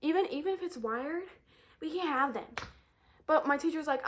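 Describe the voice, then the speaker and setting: High-pitched teen girl ranting. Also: normal speed. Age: teens. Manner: exasperated, animated ranting with frequent swearing and repetition. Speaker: high school student. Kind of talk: ranting storytime vlog.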